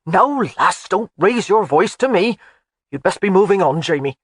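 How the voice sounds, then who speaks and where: Old Highland man, gruff and teasing, voiced by the audiobook narrator; animated delivery, dry studio sound. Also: normal speed, no room sound. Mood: scolding. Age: older. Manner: blunt, scolding, folksy. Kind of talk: audiobook character voice.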